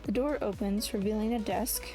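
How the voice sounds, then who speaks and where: This audiobook reader, a woman, works through a first-person novel with many restarts and self-corrections. Her mid-range voice is mellow and moderately paced, and faint music can be heard behind it.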